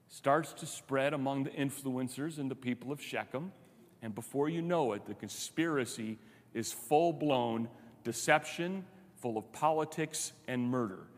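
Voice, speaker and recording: Male pastor, sermon, conversational and animated, higher voice, long hall reverb. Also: normal speed. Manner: conversational, animated, rhetorical questions.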